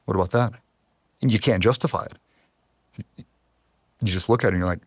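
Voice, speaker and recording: A man in his forties with a low voice recorded dry and close on a studio mic. He tells hard stories with raw feeling and is fighting back tears. His delivery is earnest and heavy. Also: moderate pace, pauses often, husky, dry recording. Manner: earnest, emotional, trying not to cry. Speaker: podcast guest, former Navy SEAL. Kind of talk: emotional interview storytelling.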